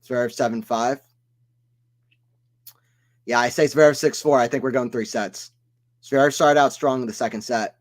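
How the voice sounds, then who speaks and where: Pausing often, a man from the American South commentates a live stream play-by-play in a medium-pitched, steady voice at normal speed. His manner is chatty: he talks with viewers, reads their chat out loud, and strays off topic.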